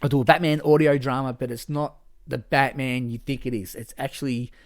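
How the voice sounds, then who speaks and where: A man's voice: mid-range voice, fairly even intonation, brisk. A man talking alone on his podcast in an easygoing, meandering way. His voice sits in the middle range, and his speech is full of swearing and false starts. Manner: rambling and casual, with frequent swearing and restarts. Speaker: podcast host. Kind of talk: solo podcast monologue.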